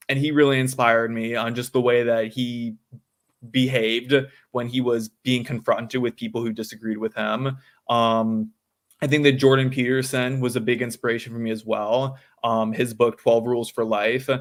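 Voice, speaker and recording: A young man in his late teens answering as an interview guest. He speaks at a middling pitch and keeps stopping to fill gaps with "um" and "like". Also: fairly bright tone. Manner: hesitant, full of "um" and "like".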